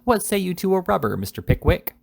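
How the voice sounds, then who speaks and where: A man voicing a bustling, hearty middle-aged country host in an audiobook reading, speaking loud and brisk. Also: sits high, big pitch swings, gravelly, slightly rough, pitched above the performer's own voice, exaggerated voice.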